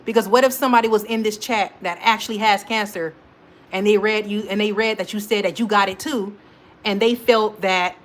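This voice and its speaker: A woman hosting a casual livestream, talking straight to her chat and moderators, scolding trolls in lively, informal speech. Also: mid-range voice, brisk. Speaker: livestream host.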